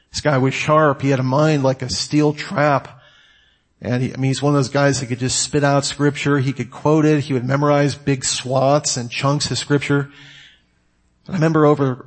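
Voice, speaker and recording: A man giving a sermon to his congregation, conversational with joking asides. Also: mid-range voice. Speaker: pastor.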